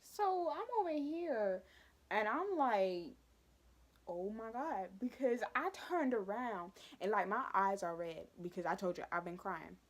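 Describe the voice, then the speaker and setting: A young woman telling a school story for her vlog, animated and dramatic with lots of asides. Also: mid-range voice, measured pace. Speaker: vlogger.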